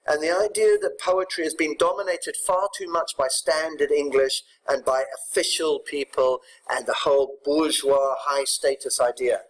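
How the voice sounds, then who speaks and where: A man teaching English poetry to his students, explaining the poems briskly and checking in with tag questions. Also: a little high, rough recording. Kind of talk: recorded poetry lesson.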